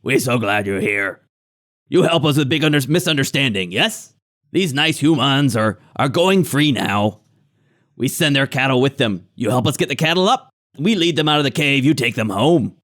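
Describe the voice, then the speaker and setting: A man's voice: medium pitch, expressive, moderate pace, fairly bright tone, close to an everyday voice. A man voicing a scheming male hobgoblin leader who talks in broken, simple grammar. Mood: wheedling.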